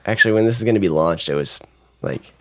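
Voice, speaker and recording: Low-voiced young man hosting a podcast. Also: fast talker, fairly bright tone. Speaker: podcast host. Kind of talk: casual morning chat.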